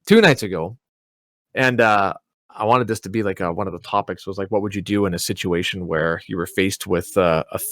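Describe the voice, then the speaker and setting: A young man, a podcast co-host, telling a story in a casual, animated way, swearing and laughing as he goes. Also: deep voice, brisk, dry recording.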